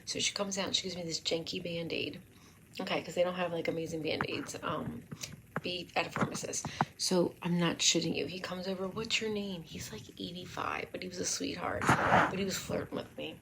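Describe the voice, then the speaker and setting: A woman's voice: fairly low pitch, flat delivery, brisk, creaky, very noisy. Giggly rambling woman vlogger. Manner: rambling, swears often, breaks into giggles. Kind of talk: casual storytelling vlog.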